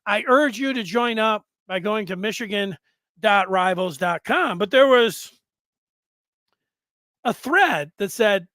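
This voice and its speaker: High bright-voiced man hosting a sports podcast. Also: expressive, a little slow, long pauses, no room sound. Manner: rambling and conversational, with restarts and asides. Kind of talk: casual sports podcast commentary.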